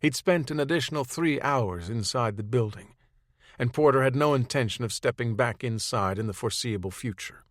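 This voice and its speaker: A man reading a third-person audiobook chapter in a steady, matter-of-fact way. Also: mid-range voice, moderate pace, no room sound, studio quality. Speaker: audiobook narrator.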